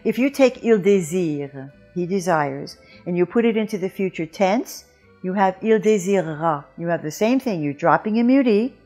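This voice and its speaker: A woman teaching French pronunciation in a patient, careful lesson, modeling each word slowly. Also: medium pitch, lively intonation, a little mellow, soft background music. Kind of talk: instructional lesson.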